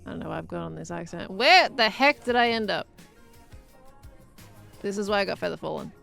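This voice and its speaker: A woman's voice: mid-range voice, expressive, brisk, vocal fry, a bit bright, soft background music. A young adult woman streaming a game, chatting in a rambling, giggly way as she plays. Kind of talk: rambling live gameplay chat.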